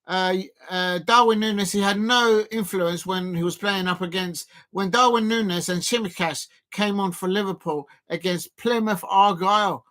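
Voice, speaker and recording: A man hosting a live football watch-along, chatting and calling the action in a rambling, excitable way that rises to shouts at big moments. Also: sits high, moderate pace, few pauses. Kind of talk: live match commentary and chat.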